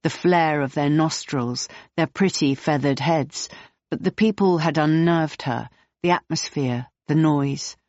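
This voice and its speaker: A woman reads a novel aloud in the third person, steady and clear. The recording sounds dull and muffled, with no room echo. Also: low-pitched, measured pace. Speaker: audiobook narrator. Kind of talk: third-person audiobook narration.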